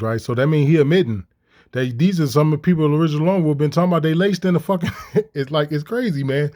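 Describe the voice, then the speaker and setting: A man giving profane, heated commentary, firing off mocking rhetorical questions. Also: high-pitched. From Chicago. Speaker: commentator reacting to clips.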